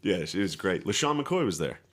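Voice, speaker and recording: A man's voice: sits low, sing-song, moderate pace, a bit bright. A man in his thirties co-hosting a comedy podcast, telling dry, crude stories about his family and laughing along. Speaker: podcast co-host. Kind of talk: casual comedy podcast chat.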